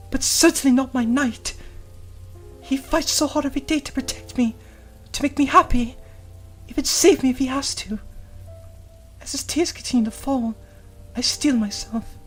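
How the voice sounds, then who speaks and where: Yuri, a woman voicing a tender devoted girl. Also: high voice. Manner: soft, tender, hushed delivery. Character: Yuri, gentle devoted young woman comforting her love. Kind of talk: first-person visual novel narration.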